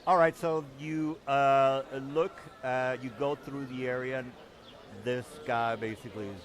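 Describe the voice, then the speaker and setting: A man narrating a tabletop game as game master, halting with many ums and restarts. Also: mid-range voice, fairly even intonation, a crowd in the background.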